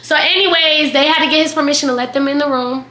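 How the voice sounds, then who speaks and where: Young woman vlogging a crazy storytime, bright sharp voice, roomy echo. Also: high voice, quick pace. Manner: animated, dramatic storytelling with quoted voices. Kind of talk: storytime vlog.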